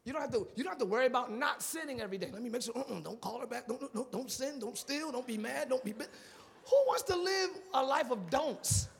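A male pastor preaching a live sermon, animated and repetitive, asking the congregation for responses and dropping into casual slang. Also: very high-pitched, quick pace, creaky. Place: church sanctuary. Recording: long reverb of a large church.

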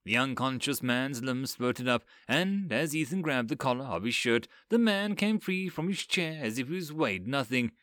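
A man narrating a dark fantasy story with an expressive, dramatic delivery. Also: medium pitch, normal speed, hardly any pauses, dry recording, studio quality.

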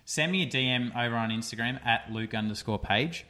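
A man's voice: mid-range voice, fairly quick, sharp tone. A young man hosting a casual podcast, chatty and rambling with lots of fillers. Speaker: podcast host. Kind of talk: casual solo podcast chat.

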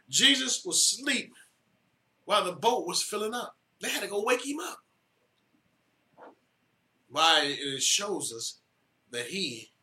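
A man preaching in an echoing church, his voice pitched high and ringing very bright. He leans on repeated phrases and swells his emphasis from one line to the next. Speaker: pastor. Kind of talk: sermon.

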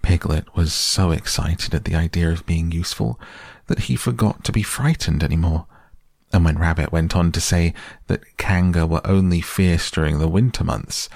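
A man narrating a children's storybook in a measured, gentle way. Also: sits low, gravelly, no room sound, studio quality. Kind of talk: storybook reading aloud.

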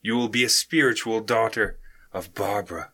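A man voicing the Holy Mother, a gentle, solemn woman, by reading her messages in a raised voice. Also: lowish voice, moderate pace, vocal fry, husky, full character voice.

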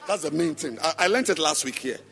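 A pastor with a high, bright voice preaches into a church microphone. He fires repeated questions at the congregation, his pitch leaping all over. He swings from loud sing-song chanting down to low murmurs. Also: expressive, fast talker, creaky, some chatter behind. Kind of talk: sermon.

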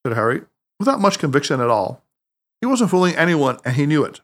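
A man narrating an audiobook in a scripted, expressive storytelling way. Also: on the high side, brisk.

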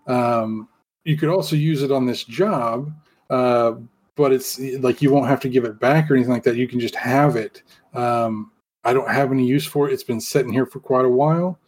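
Frank weary enclave founder, played by a man, rambling fillers, middle pitch, tabletop game. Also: moderate pace, darkish tone, husky, natural voice. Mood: candid.

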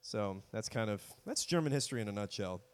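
A man's voice: on the low side, expressive, brisk. Joking man co-hosting a podcast. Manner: jokey, slips into silly put-on voices. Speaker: podcast co-host. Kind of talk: casual comedic chat. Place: home studio with a cat.

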